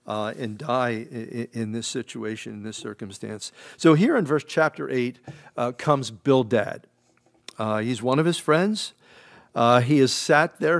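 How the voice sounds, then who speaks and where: A man preaching a midweek Bible-study sermon as pastor, talking conversationally with frequent restarts and acting out the lines he quotes. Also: mid-range voice. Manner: conversational, halting, with many restarts and acted-out quotes. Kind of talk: expository sermon. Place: church sanctuary.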